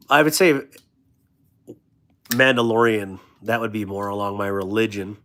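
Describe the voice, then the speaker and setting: A man in his thirties hosts a loose live stream for a knife channel, reading viewer comments aloud and riffing on them with jokes and frequent laughter. His voice is fairly low and fairly bright, with fairly even intonation and a slow pace.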